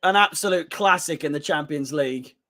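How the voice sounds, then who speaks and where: A man's voice: a little high, fairly quick, sharp tone. A man hosting a live fan watchalong, giving blunt, emotional commentary on a football match with frequent swearing. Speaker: fan channel host.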